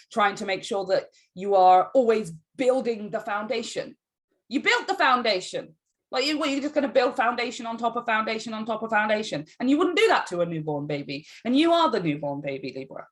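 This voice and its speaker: A woman giving a casual tarot reading to camera, emphatic and encouraging, often checking in with "right?". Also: medium pitch. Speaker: tarot reader.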